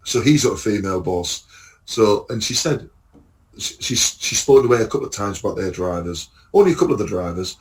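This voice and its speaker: A middle-aged man from England, a podcast co-host and lorry driver, telling an animated casual anecdote full of swearing and acted-out quotes. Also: lowish voice, brisk. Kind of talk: casual anecdote among friends.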